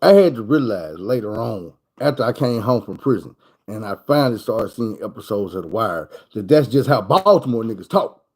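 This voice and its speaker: Arkansas man with a Southern drawl, riffing casually and crudely, lively swinging pitch. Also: moderate pace, husky, rough recording. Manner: loose, profane, repetitive storytelling. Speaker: vlogger. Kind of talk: casual storytelling monologue.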